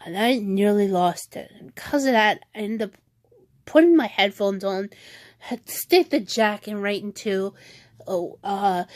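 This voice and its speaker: Slow-talking frustrated woman ranting. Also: medium pitch, no room sound. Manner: rambling, frustrated, with frequent restarts and laughs. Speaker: vlogger. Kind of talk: venting rant vlog. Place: home.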